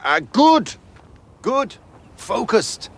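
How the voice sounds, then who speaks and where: A nervous villain with a gravelly voice who stumbles through excuses. He speaks slowly, and his pitch swings widely. The sound comes from a TV series clip. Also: sing-song, exaggerated voice. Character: nervous middle-aged male villain reporting failure. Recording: clip from a TV series, faint background.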